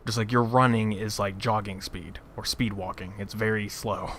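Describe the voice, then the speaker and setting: A lowish-voiced man talking games in a loose, casual chat, blunt and sure of his opinions. He laughs now and then at his own points, with a faint hum of room ambience behind him. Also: steady tone, normal speed, a bit bright. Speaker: podcast co-host.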